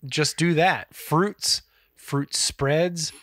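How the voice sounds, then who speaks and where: A man's voice: fairly high pitch, extremely slow, fairly bright tone, no room sound, clean studio sound. A man co-hosting a cooking podcast, chatting loosely with rambling asides and swearing. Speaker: podcast co-host. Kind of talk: casual chat.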